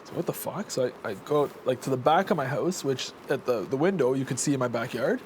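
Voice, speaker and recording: A man's voice: mid-range voice, expressive, a little fast, a little hiss or hum. A young man telling a rambling story in casual chat, full of fillers and restarts. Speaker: houseguest.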